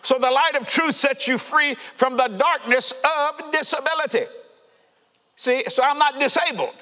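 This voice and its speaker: A man preaching a fervent sermon to a congregation, shouting and laughing as he goes. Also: very high-pitched, measured pace. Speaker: pastor. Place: church sanctuary. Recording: reverberant church hall.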